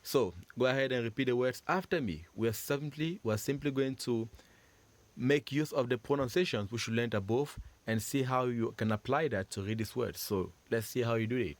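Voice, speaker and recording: A man teaching French pronunciation, patiently drilling sounds for the listener to repeat and praising each try. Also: moderate pace. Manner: patient, drills sounds, stresses syllables higher and louder. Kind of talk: slow repeat-after-me lesson.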